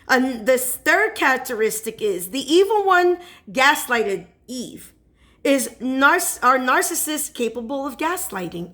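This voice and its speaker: A woman's voice: a little high, a bit bright. Woman preaching casually to her viewers. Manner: checks in with listeners with repeated "okay?". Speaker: spiritual advisor.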